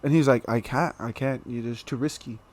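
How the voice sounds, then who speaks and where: A young man telling a story as a podcast guest in a casual, animated way, laughing through the funny parts. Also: medium pitch, fairly quick.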